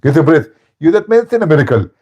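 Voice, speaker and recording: A man doing a mocking impression of an excitable male preacher who talks in a high, pompous, sputtering way. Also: quick pace, dull audio.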